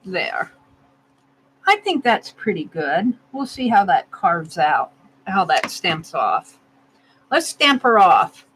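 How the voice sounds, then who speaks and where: A woman's voice: lowish voice, very animated, slow pace, pauses often, a bit bright, slight background noise, low-quality recording. A woman narrating casually as she carves a stamp, thinking aloud and laughing at herself. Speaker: art vlogger. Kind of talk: casual narration while crafting.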